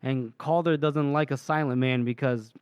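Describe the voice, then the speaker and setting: Guy on a podcast walking through a book chapter, smooth clear voice, dry close mic, little laughs here and there. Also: mid-range voice, fairly even intonation, normal speed, darkish tone, no echo. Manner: retells scenes at length, reading lines aloud with little laughs. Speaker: podcast co-host. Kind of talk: casual chat recapping a novel.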